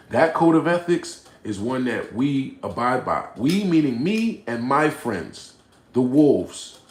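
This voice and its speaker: A man hosting a livestream, reading chat aloud and reacting bluntly, swinging between low mutters and loud outbursts. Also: reverberant. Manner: blunt, profane, confrontational. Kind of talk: casual livestream rant.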